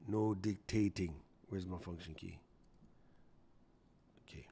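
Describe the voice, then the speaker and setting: A man's voice: sits low, fairly even intonation, takes it slowly, vocal fry, dark tone, breathy edge. A man hosting a casual live stream, chatting playfully and answering viewers from the chat. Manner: playful, chatty, reads chat aloud, jokey voices. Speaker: livestream host.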